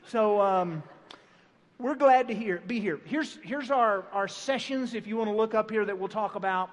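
A man's voice: sits high, moderate pace. A middle-aged man giving a folksy family class at a church gathering, rambling with fillers and restarts. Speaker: family seminar speaker. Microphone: handheld or stand microphone. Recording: long hall reverb.

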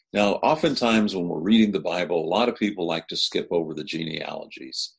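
A man with a very low, gravelly voice and a husky edge delivers a recorded sermon. He speaks earnestly and at a measured pace, lifting his voice to press home key words. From Kansas. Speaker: pastor.

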